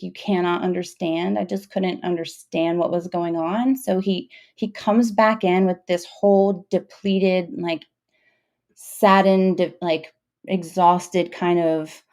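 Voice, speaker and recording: A young woman, a mother, telling a personal story in a casual, emotional, halting way, full of fillers and restarts. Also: on the low side, a little mellow.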